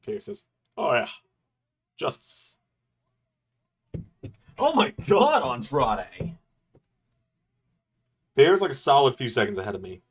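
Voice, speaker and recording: A man hosting a live stream, chatting casually with quick, joking asides as he reacts. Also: mid-range voice, wildly swooping pitch, breathy edge. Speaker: streamer host.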